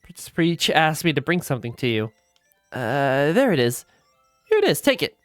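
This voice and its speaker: A woman voicing an eager young male star spirit in a video game, hurried and polite. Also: low voice, big pitch swings, dry recording, soft background music. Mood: earnest.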